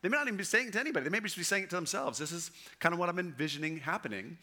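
A middle-aged man preaches a sermon with a bright, clear tone. He talks conversationally but with emphasis, often checking in with his listeners as he builds his point. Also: sits high, lively intonation, rapid-fire, few pauses. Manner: conversational, emphatic preaching with frequent "right?" and "okay?". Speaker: pastor.

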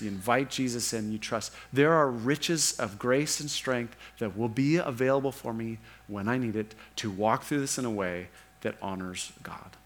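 A man preaching a sermon as pastor, earnest, often slowing down and dropping softer to press a point. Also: mid-range voice. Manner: earnest, slows and softens for emphasis.

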